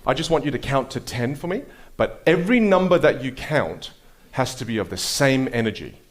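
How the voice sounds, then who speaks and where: An Australian man coaching speech at a live workshop, energetic, emphatic and playful. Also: mid-range voice, fairly quick.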